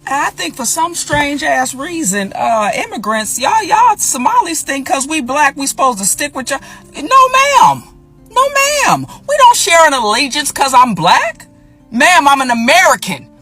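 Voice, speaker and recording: Brief: woman, high and bright voice, swooping pitch, defiant sassy delivery. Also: animated, normal speed, faint music behind. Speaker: social media commenter. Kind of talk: casual reaction video rant.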